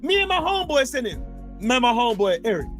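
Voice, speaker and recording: High, animated male veteran storyteller. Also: quick pace, faint music behind. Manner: animated, profane, laughing storyteller. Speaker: podcast host, military veteran. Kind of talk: casual storytelling chat.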